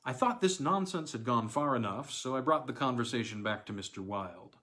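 A man narrating a classic novella in the first person, with a measured, theatrical reading. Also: mid-range voice, animated, fairly bright tone. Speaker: audiobook reader.

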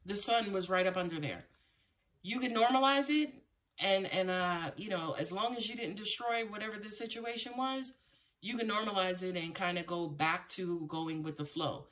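A tarot reader does a live reading for her viewers, talking straight to them casually, swearing plenty, and laughing often. Her mid-range voice is a bit bright at a moderate pace, and she's far from the mic.

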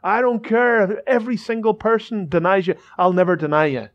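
A man's voice: high-pitched, fairly even intonation, brisk, natural voice. Boastful male disciple, emphatic as a pastor quotes him, muffled lo-fi recording. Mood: protesting. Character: impulsive adult male disciple, boastful and insistent.

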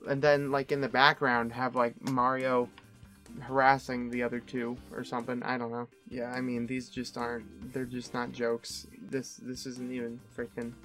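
A man's voice: mid-range voice, fairly bright tone. A man giving sarcastic, rambling comedic commentary on a webcomic, breaking into silly voices. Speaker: webcomic reviewer.

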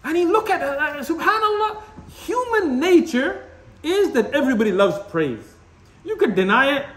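High-pitched guy preaching hard, jumpy lively delivery, lots of arabic words, echoey room. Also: normal speed. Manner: animated, blunt, laughs while ranting, sprinkles Arabic terms. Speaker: Islamic lecturer. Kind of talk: impassioned religious lecture.

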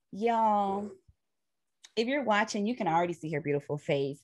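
Effusive woman podcast host, lively pitch. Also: moderate pace. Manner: effusive, repeats "when I tell you", laughs often. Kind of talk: casual faith podcast chat.

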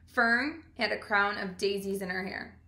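A woman reading a children's book aloud in a calm, measured storytelling way. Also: mid-range voice, reverberant. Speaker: reader.

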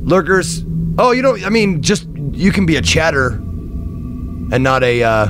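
A man's voice: a little high, sing-song, unhurried, over music. A man streaming a game live, rambling and chatty, thanking viewers and swearing freely. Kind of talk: casual live-stream chat.

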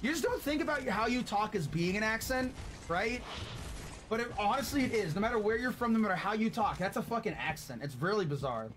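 High-voiced, profane male streamer. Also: animated, a little fast, a bit bright, slight background noise. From US West Coast. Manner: profane, rambling, chatting with viewers. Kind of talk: casual gaming stream chat.

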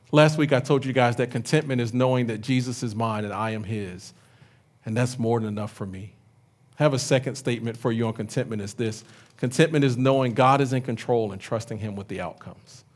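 A man preaching a sermon as pastor, animated, retelling scripture in everyday speech. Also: mid-range voice. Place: church sanctuary.

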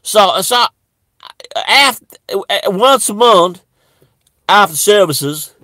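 A man puts on an exaggerated, high, sharp-toned voice, slow and animated, with no echo. In a satirical monologue he plays a rambling, bigoted churchgoer who stammers, repeats words, and restarts nearly every phrase.

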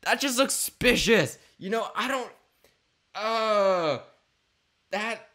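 A young man from Canada hosting a casual reaction commentary, jumping between murmured asides and loud exclamations. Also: high-pitched, animated, slow. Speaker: YouTube commentary host.

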